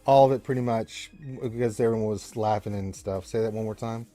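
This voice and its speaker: A man's voice: lowish voice, steady tone, a little fast, dark tone. A man narrating as game master of a tabletop game in a loose, conversational way with fillers.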